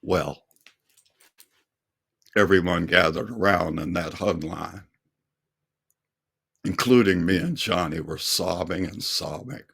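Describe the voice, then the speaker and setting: Older male singer, slow earnest testimony, low gravelly voice. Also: a bit bright. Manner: slow, earnest storytelling with quoted dialogue. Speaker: singer and speaker. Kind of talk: testimony storytelling.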